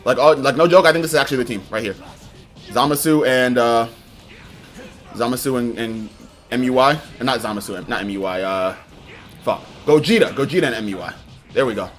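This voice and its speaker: A young man streaming a video game live, commentating in an excitable, rambling way and often laughing. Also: medium pitch, brisk, pauses often, faint music behind. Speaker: gaming streamer.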